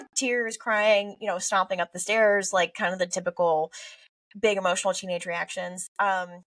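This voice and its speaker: Young female therapist guest, animated and expressive, dry room, slightly distant. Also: medium pitch, normal speed, no echo. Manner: expressive, animated, acts out quoted parents and teens. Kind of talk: conversational podcast interview.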